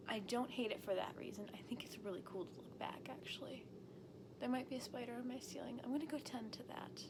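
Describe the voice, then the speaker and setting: A woman's voice: mid-range voice, background noise. A woman in her twenties vlogging alone, chatty and self-deprecating, often giggling and dropping into whispers. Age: 20s. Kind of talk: casual solo vlog.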